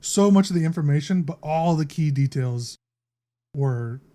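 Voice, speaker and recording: A man with a somewhat high-pitched voice chats casually about films as a podcast co-host. He talks freely, laughs often and slips into quoting lines. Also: expressive, moderate pace, mellow. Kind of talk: casual movie discussion chat.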